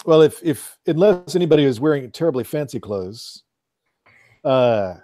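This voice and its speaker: A male player on a video call with a mellow, warm tone. He speaks hesitantly and keeps restarting his sentences while describing what his character does. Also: fairly high pitch, animated, normal speed. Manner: hesitant, chatty, full of restarts. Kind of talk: tabletop role-play.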